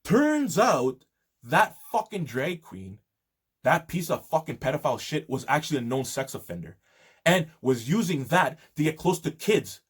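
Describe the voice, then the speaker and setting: Man, husky, angry swearing rant, indignant monologue. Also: fairly high pitch, sing-song, normal speed. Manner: profane, indignant ranting. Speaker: video host.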